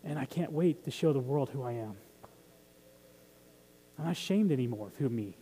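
A man's voice: medium pitch, animated, normal speed, warm tone, breathy edge, big-room sound. A man preaching a sermon as pastor, talking in a conversational way and putting questions to the congregation. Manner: conversational, asks the audience questions.

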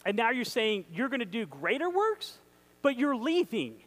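A male preacher giving an excitable, emphatic sermon, reading scripture aloud and asking his listeners questions. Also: extremely high pitch, moderate pace, low-quality recording.

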